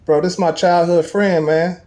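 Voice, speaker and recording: A man in casual chat, telling a personal story with animated emphasis and street slang. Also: sits high, moderate pace.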